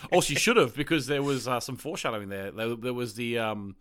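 A man talking through a film on a casual podcast, middle-pitched and animated. He restarts and repeats himself as the thoughts tumble out. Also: fairly quick. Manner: chatty, restarts often, animated. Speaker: podcast co-host. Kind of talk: casual movie chat.

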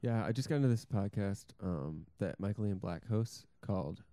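Casual podcast co-host, man, low mellow voice, dry sound. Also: expressive, normal speed, no room sound. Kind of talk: casual chat.

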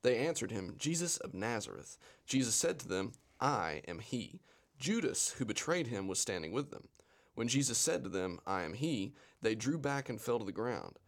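A man's voice: medium pitch, sing-song, normal speed. A young man co-hosting a casual Bible study podcast, reading scripture aloud and making wry jokes. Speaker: co-host.

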